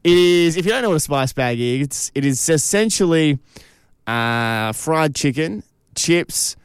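A man's voice: on the high side, measured pace, clean tone, no room sound, clean studio sound. A man co-hosting a radio show, chatting eagerly and laughing often. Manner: enthusiastic, animated, laughs often. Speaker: radio co-host. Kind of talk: casual radio banter. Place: radio studio.

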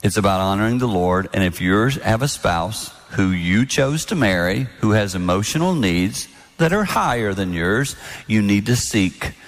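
A man in his sixties giving a sermon-style talk on marriage, animated and storytelling, acting out other people's lines. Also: fairly low pitch, moderate pace. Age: 60s. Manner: animated storytelling with mimicked voices. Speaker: speaker at a marriage event. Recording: long hall reverb.

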